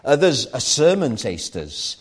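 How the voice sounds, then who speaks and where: A man's voice: medium pitch, big pitch swings, unhurried, slightly rough. A man preaching a sermon at an evening church meeting, earnest and rising to fervent emphasis.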